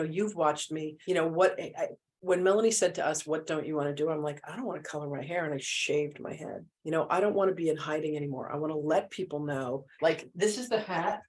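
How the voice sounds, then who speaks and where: A woman guest, a spiritual healer, telling candid stories in conversation and acting out the voices of people she quotes. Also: sits low. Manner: animated storyteller who acts out quoted voices.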